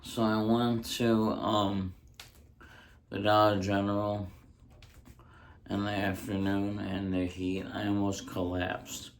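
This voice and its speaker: A man doing a casual home-recorded ASMR stand-up bit, rambling through deadpan jokes with frequent ums, close on a handheld mic. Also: lowish voice, slow pace, pauses often, a little hiss or hum. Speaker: stand-up comedian. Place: indoors at home.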